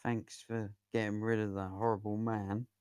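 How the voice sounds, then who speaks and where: A man's voice: on the low side, level tone, normal speed, darkish tone, clear, resonant tone, no room sound, studio quality, close to an everyday voice. A man voicing a small, twitchy, nervous male goblin who talks hesitantly. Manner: hesitant, mumbling.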